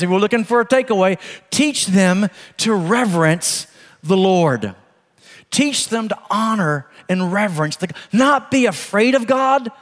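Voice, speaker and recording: A middle-aged male pastor preaching a sermon, moving between emphatic exhortation and soft, chatty storytelling. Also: sits high, in a large hall.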